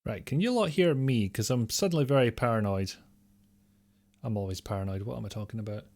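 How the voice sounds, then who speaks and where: A man's voice: fairly low pitch, brisk, a little mellow. A man streaming a game live, rambling casually and answering his chat with the odd mild swear.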